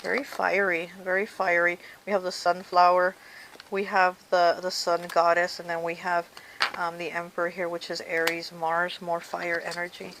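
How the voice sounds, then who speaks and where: A woman's voice: lowish voice, monotone, normal speed, heavy background noise. Chatty woman reading tarot cards. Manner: chatty, addresses the viewer directly, frequent "okay" and "you know". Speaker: tarot reader. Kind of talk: casual tarot card reading to viewers.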